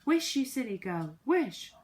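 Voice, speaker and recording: A woman voicing an excitable male elf who shouts shrill, frantic warnings in a storybook reading. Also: a little slow. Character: excitable male Faraway Tree elf, panicky.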